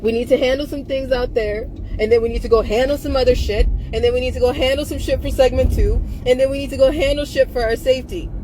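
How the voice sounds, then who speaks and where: A woman's voice: high voice, fairly even intonation, quick pace, few pauses, dark tone, slight background noise. A tired young woman speaking bluntly and defiantly to her phone camera in a vlog, repeating herself for emphasis. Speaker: social media activist. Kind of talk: direct-to-camera vlog rant. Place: in a car.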